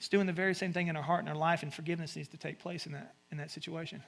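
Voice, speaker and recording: A man with a Southern US accent, preaching a conversational sermon with sudden animated asides. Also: on the high side, very fast, gravelly. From American South. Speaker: pastor.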